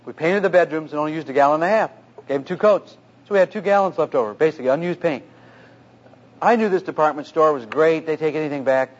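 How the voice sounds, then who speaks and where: Husky-voiced man preaching through a story. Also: on the high side, quick pace. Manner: earnest, anecdotal, animated retelling. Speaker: pastor. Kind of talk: storytelling sermon on marriage. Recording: dull lo-fi recording.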